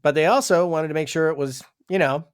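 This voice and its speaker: A man's voice: fairly high pitch, brisk, clear, resonant tone. A man co-hosting a podcast in casual scripted banter, upbeat and reading segues and sponsor lines. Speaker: podcast co-host.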